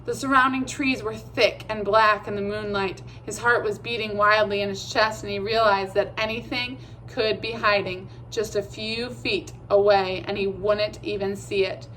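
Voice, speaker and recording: A woman narrating a children's chapter book with a steady, measured reading. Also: medium pitch, slight background noise, low-quality recording. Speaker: audiobook reader. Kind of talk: storybook narration.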